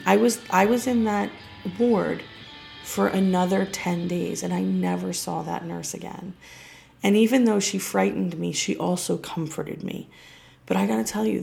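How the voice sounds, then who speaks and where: A woman telling a first-person story on a podcast in a hushed, earnest way, sometimes dropping almost to a whisper. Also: lowish voice. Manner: gravelly, hushed, drops to a whisper at tense moments. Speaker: guest storyteller.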